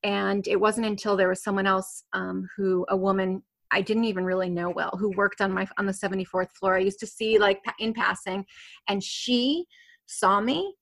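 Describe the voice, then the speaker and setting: A woman's voice: medium pitch, steady tone, moderate pace, creaky, fairly bright tone. A woman guest telling a personal story in conversation, rambling with many fillers and restarts and nervous laughs. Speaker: interview guest.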